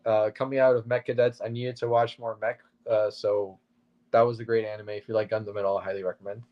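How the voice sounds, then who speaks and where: A man's voice: fairly low pitch, level tone, quick pace, lo-fi sound. A man co-hosting a comic book show, laid-back and easygoing, with many "uh"s. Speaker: co-host and comic vendor. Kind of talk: casual chat.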